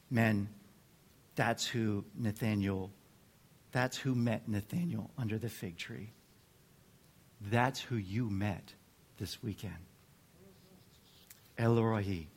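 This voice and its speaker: A man preaching a sermon to a group of men, earnest and measured, dropping to a hush and then building to fervent emphasis. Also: on the low side, slightly rough. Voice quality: drops to a near whisper at times. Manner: slow, earnest delivery with dramatic swings from hushed to fervent.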